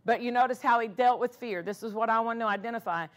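A woman's voice: a little high, fast. A woman pastor preaching a sermon in an earnest way, often restarting her phrases.

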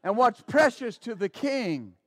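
A man's voice: very high-pitched, very animated, a little slow, a bit bright. A man preaching a sermon as pastor, fervent and exclaiming praise, with stammering restarts.

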